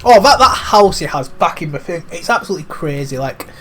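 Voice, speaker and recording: A young man chats through a game playthrough, casual and profane. His voice sits a bit higher than most men's. A faint hum of noise runs behind him. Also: animated, fairly quick, a bit bright. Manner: chatty, swears freely, calls things 'mate'. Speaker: gaming commentator. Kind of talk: casual let's-play commentary.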